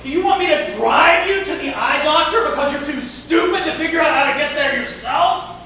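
A man voicing a hotheaded young rookie pitcher who rants and shouts insults at the umpire, in an echoey, noisy room from a distant mic. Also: brisk. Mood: furious.

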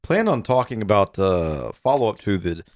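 A man's voice: on the low side, very animated, moderate pace, a little mellow, no echo, clean studio sound. A man in his thirties co-hosting a podcast in casual chat with his wife, teasing and playful. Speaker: podcast co-host. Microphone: studio mic with headphones.

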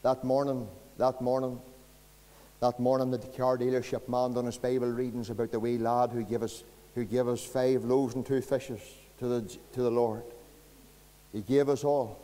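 A man's voice: mid-range voice, little pitch movement, normal speed, warm tone, in a large hall. A man with a Northern Irish accent, a pastor preaching a sermon in a folksy storytelling way. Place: church.

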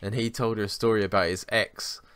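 Young man, podcast co-host, low-ish bright and clear voice, sweary self-mocking storyteller. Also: steady tone, brisk, dry recording. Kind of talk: casual chat, storytelling.

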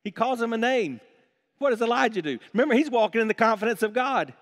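A man preaching a sermon as pastor, animated and acting out scripture passages with playful voices. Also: very high-pitched, fast, in a large hall. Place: church sanctuary.

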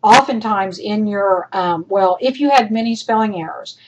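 A woman's voice: medium pitch, moderate pace, darkish tone, highs cut off. A woman instructor giving recorded feedback to her class, direct and a little scolding, stressing each point. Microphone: recorded lecture voice-over.

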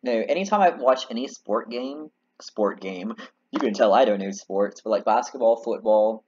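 A man's voice: on the low side, lively intonation, normal speed, a little mellow. A man chatting casually while playing a story game, rambling and self-mocking, on a slightly muffled recording with faint hiss. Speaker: let's play host.

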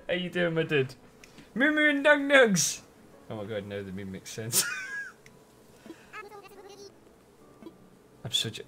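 A young Scottish man streaming a game, loud and sweary, with bursts of playful mock outrage. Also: sits high, huge pitch swings, slow, long pauses. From Scotland. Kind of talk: casual live-stream commentary.

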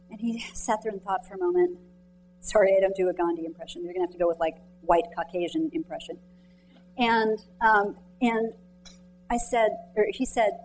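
A woman author giving a motivational talk to students and mentors in a lecture room, telling stories in a chatty, animated way and quizzing the audience directly. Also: medium pitch, normal speed, pauses often, soft background music, low-quality recording. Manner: chatty, animated storytelling with many "like"s.

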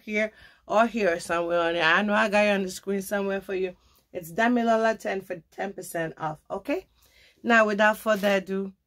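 Gushing woman vlogger unboxing a coat. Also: mid-range voice. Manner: gushing, excited, addresses viewers as honey; tags many phrases with okay. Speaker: fashion vlogger. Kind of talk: sponsored product review and unboxing.

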